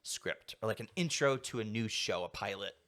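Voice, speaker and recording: Young man, podcast guest, somewhat low voice, loose rambling chat, lots of filler words. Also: expressive, moderate pace, fairly bright tone. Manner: rambling, heavy use of "like" fillers. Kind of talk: casual conversation.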